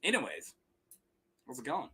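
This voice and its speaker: A man's voice: mid-range voice, wildly swooping pitch, normal speed, gravelly, sharp tone, husky. A young man hosting a casual podcast chat, rambling and laughing often as he mimics voices. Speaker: podcast host.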